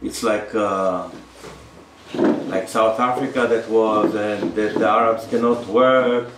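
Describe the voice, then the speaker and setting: A man's voice: lowish voice, steady tone, takes it slowly, echoey room, recorded from a distance, heavy background noise. A middle-aged man, a farmer talking bluntly and ramblingly to visitors outdoors. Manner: blunt and rambling, with frequent restarts and laughs. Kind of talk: casual explanation to visitors. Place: outdoors on a farm.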